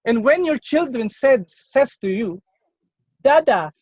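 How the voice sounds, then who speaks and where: Slow, earnest man giving a contest speech. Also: very high voice, lively intonation, dry recording, dull audio. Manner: slow, earnest, personal storytelling with pauses. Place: at home on a video call. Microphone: computer or phone mic on a video call.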